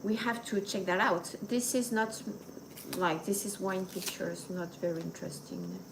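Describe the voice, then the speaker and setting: Animated and lowish in pitch, a middle-aged French-accented woman from France talks at normal speed amid background noise. She's hosting a casual livestream chat, mixing French and Japanese words into her talk with viewers.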